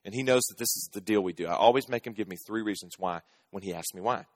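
A man's voice: on the low side, fast, no room sound. A man in his thirties preaching a sermon, telling family stories in a conversational, humorous way and asking the audience questions. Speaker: pastor.

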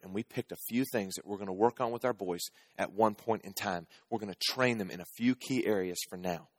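A man's voice: fairly low pitch, slightly rough, no room sound. A man in his thirties preaching a sermon, telling family stories in a conversational, humorous way and asking the audience questions. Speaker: pastor.

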